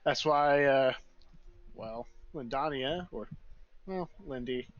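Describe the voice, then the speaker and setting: A man voicing an excitable young royal third heir who rambles and corrects himself mid-sentence. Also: medium pitch, slow, no echo, highs cut off, soft background music, close to an everyday voice. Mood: eager.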